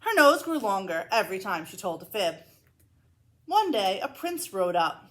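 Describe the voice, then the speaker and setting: A woman librarian reading a children's picture book aloud, expressive and playful, with asides to young listeners. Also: medium pitch, normal speed. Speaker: school librarian.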